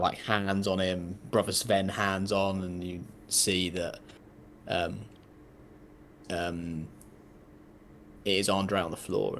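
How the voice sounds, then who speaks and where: Low slow game master guy, halting with lots of ums, faint room hum. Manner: halting, many fillers, soft. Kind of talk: narrating a tabletop game.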